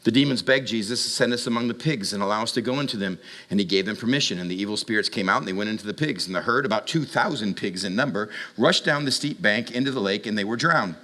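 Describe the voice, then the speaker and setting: A male preacher delivers a lively sermon, moving between dramatic storytelling and quick comic asides. He appeals directly and urgently to his young listeners. He sometimes leaps high in pitch to act out the voices in the story. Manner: acts out voices with sudden high jumps. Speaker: young adult ministry preacher.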